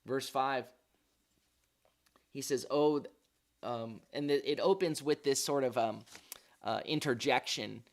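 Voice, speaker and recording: A man teaches a morning devotional at a middle pitch, earnest and unhurried. He thinks aloud, restarting phrases and filling pauses with "um" and "uh". He stops to sound out Hebrew words as he unpacks them. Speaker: pastor.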